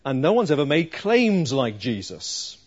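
A man preaching a sermon, slow and emphatic, with dramatic pauses. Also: medium pitch, very animated, slightly rough, lo-fi sound.

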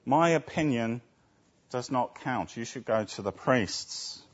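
Male preacher, deliberate sermon delivery, rhetorical questions, muffled lo-fi sound. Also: medium pitch, animated. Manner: asks rhetorical tag questions. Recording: dull lo-fi recording.

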